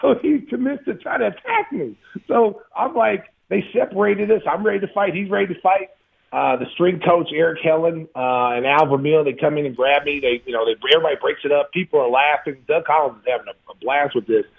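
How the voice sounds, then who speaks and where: A man in his fifties, a former pro basketball player, telling profane, animated stories in an interview with frequent laughs over a phone-like line. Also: fairly high pitch, a little fast, vocal fry, breathy edge. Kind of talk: casual storytelling interview.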